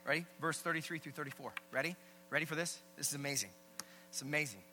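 A man preaching a sermon as pastor, energetic and repetitive, with joking asides. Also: a little high, fast talker, slight background noise, low-quality recording.

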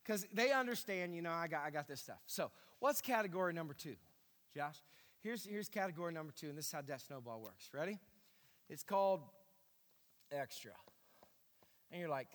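A man preaching on money management to a live audience, swinging from quiet asides to loud bursts and acting out his listeners' voices. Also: high voice, expressive, fairly quick, big-room sound. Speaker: pastor teaching personal finance. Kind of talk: lively sermon to a live audience.

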